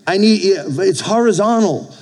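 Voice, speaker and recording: A man's voice: sits high, lively intonation, unhurried, poor audio. A middle-aged male pastor preaching a sermon, exhorting the congregation with frequent calls for amen. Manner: exhorting, with call-outs for amen.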